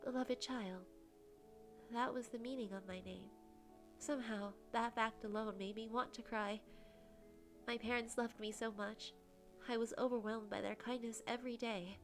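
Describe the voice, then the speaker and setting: A young woman with a soft, breathy voice reading a visual novel aloud in first person as a game streamer. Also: on the high side, fairly even intonation, moderate pace, faint music behind.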